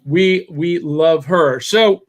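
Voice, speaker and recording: A man hosting a morning podcast, talking in an upbeat, excitable way and often repeating his phrases, over a video call. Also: on the high side, very slow. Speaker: podcast host. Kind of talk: casual chat.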